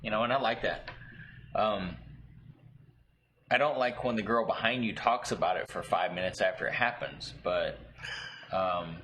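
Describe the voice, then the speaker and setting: A man co-hosting a casual movie chat, profane and animated when he tells stories. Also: fairly low pitch, moderate pace, pauses often, slight background noise. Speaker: podcast co-host.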